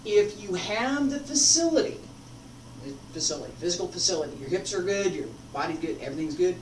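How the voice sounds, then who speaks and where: A woman teaching a martial arts form, talking slowly and stopping to demonstrate moves. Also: lowish voice, expressive, darkish tone, slight background noise. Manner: unhurried, breaks off mid-demonstration. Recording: echoey room, mic far off.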